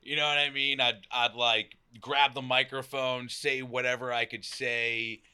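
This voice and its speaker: A young man with a Boston accent, a podcast guest talking loudly and outgoingly in casual conversation, swearing and acting out quotes. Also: mid-range voice, little pitch movement, unhurried, smooth.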